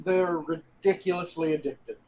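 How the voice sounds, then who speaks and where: A man's voice: a little high, steady tone, moderate pace, darkish tone, muffled recording. A man chatting casually on a podcast, blunt and profane, teasing the others. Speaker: podcast co-host. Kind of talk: casual crude banter.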